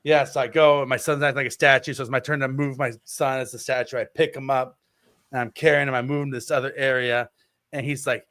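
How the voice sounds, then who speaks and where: Medium-pitched and fast, a man in his thirties co-hosts a podcast, animatedly telling a story in casual chat and acting out quotes on a close mic. The recording is dry.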